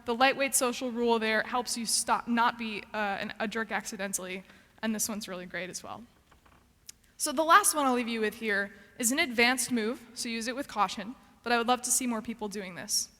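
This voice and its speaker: Bright-voiced woman giving a conference talk. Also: a little high, a little fast, big-room sound. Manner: earnest, practical, with frequent ums and restarts. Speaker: conference speaker.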